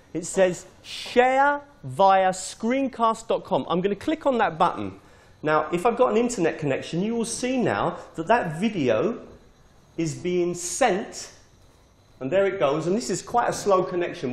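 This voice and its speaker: British man demonstrating teaching software. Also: high voice. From Britain. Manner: informal, explains step by step. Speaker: teacher trainer.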